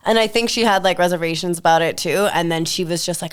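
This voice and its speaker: A woman co-hosting a podcast, chatting casually, with quick exclamations and her own story. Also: fairly low pitch, clean tone. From Canada. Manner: reactive, exclaims often. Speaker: podcast co-host. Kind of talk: casual chat.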